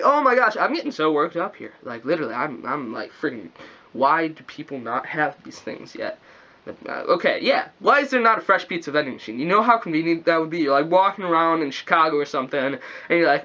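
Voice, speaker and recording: A man's voice: fairly high pitch, lively intonation, a little fast, pushed and bright. A young man rambling in a casual vlog, goofy and self-mocking, full of slang. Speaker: vlogger. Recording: dull lo-fi recording.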